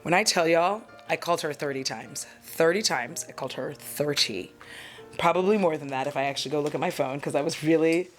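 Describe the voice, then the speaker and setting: A woman's voice: sits low, brisk, soft background music. Chatty, candid woman vlogger rambling. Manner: self-deprecating, candid. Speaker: beauty vlogger. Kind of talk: casual get-ready-with-me chat.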